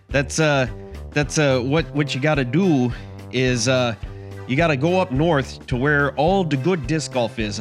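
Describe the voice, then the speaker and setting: A man's voice: medium pitch, lightly acted. A man voicing a rambling, cheerful Wisconsin field reporter with an Upper Midwest accent, full of "eh" and "you betcha".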